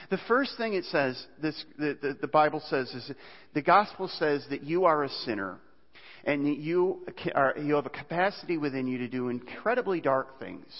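A man preaching a conversational sermon as a pastor, with frequent fillers and restarts. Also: on the high side. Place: church. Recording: dull hall reverb.

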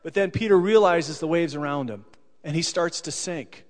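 Jokey preacher in an echoing hall. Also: male voice, a little high, moderate pace. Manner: conversational, jokey, acts out scenes. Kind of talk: casual storytelling sermon. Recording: long hall reverb.

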